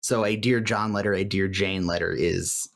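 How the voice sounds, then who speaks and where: A man co-hosting a podcast in casual recap chat, animated and laughing often as he quotes lines. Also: low-pitched, normal speed, gravelly. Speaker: podcast co-host. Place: home room with light fan noise.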